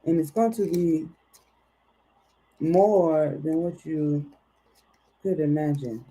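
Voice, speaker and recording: A woman's voice: low voice, takes it slowly, dark tone, husky, full character voice, low-quality recording. A woman putting on a put-on accent as a lofty, old-fashioned oracle during a livestream tarot reading, speaking in archaic, formal phrases.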